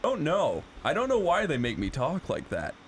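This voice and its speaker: A man's voice: a little high, huge pitch swings, normal speed. Man, casual chat, retells things with animation, scornful.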